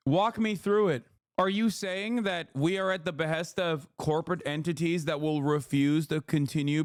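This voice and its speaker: A man's voice: fairly high pitch, clear, resonant tone, dry recording, studio quality. A man doing profane, sarcastic political commentary, reacting to clips. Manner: heated, sarcastic, swears a lot.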